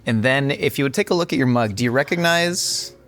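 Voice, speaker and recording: A man's voice: medium pitch, brisk, fairly bright tone. A man hosting a food show, presenting dishes in a jokey, upbeat way. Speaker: host.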